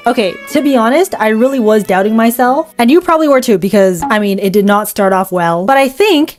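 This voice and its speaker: A woman's voice: fairly high pitch, expressive, fairly quick, few pauses, a little mellow, faint music behind. A young woman chatting casually while she draws, rambling and joking at her own expense, her words a little muffled by a retainer. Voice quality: slight retainer-muffled speech. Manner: chatty, self-deprecating, rambling. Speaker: art vlogger. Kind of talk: casual drawing vlog commentary.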